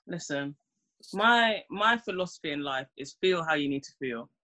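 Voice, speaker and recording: A woman's voice: sits low, animated, moderate pace, pushed and bright. A young woman, chatting casually and acting out her own reactions. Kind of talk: casual chat.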